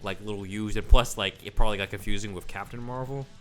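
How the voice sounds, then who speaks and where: A man with a fairly low voice co-hosting a podcast. He talks casually and informatively, dropping quick affirmations, while faint guitar music plays under the talk. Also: fairly even intonation, fairly bright tone. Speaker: podcast co-host. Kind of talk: casual chat.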